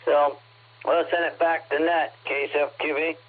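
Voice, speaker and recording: A man with a slightly high voice comes through a thin, radio-limited channel. He tells a casual story in a meandering, folksy way. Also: little pitch movement, moderate pace. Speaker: ham radio net check-in. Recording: tinny radio transmission.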